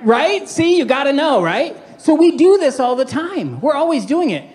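A man preaching as a pastor in a casual, joking sermon style, with quick asides and call-outs to the congregation. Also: extremely high pitch, big pitch swings, a little mellow.

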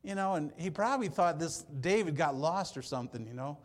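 A man preaching with lively storytelling energy, throwing himself into the scenes he describes. His voice sits a touch higher than most men's, and it swings between loud bursts and near-whispered asides. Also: brisk. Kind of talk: sermon.

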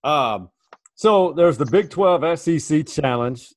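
A man co-hosting a sports talk show, cutting in with teasing asides. His pitch sits fairly high and swings widely. The sound is close and dry. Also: lively intonation, takes it slowly, no room sound. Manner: laughing, teasing interjections. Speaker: podcast co-host. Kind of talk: casual sports chat.

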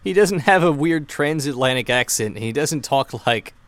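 Lively man recapping a show, a little drunk. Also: a little high, normal speed, no echo. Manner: animated storyteller who laughs mid-sentence. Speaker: podcast co-host. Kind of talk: casual recap of a TV episode.

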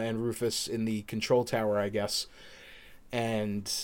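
A podcast co-host with a clear, resonant, medium-pitched voice casually recaps a game's story. He rambles with lots of fillers and quotes the characters in quick voices.

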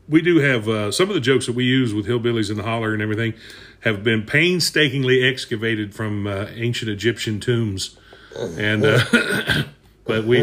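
A man's voice: medium pitch, fairly bright tone. A man telling old jokes in casual chat, folksy and chuckling as he goes.

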